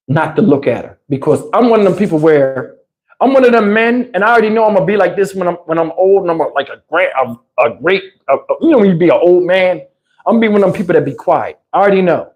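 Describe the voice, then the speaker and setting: Man, livestream storyteller, animated, emphatic, slangy, profane, lapel mic. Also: high-pitched, fast talker. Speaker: livestream host. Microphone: wireless lapel mic.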